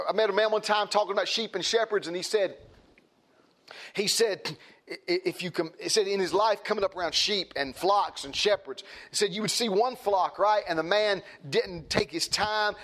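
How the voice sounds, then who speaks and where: A man's voice: high voice, a bit bright. A man preaching a sermon, emphatic and repetitive, often restarting his phrases.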